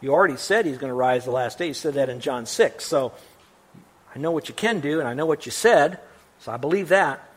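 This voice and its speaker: A man preaching a sermon as pastor, emphatic and animated, his voice climbing when he quotes scripture and dropping into wry asides to the congregation. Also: a little high, brisk. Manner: emphatic and animated, voice rising on quotations.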